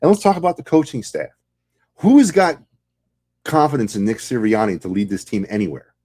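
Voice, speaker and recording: A man's voice: mid-range voice, a little fast, mellow, slightly rough. A man hosting a sports podcast, delivering a heated, sarcastic fan rant full of rhetorical questions.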